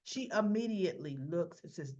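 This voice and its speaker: A woman giving a casual, chatty recap of a soap episode, addressing her viewers directly in an animated, gossipy way. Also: on the low side, normal speed, muffled recording. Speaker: soap opera recap vlogger.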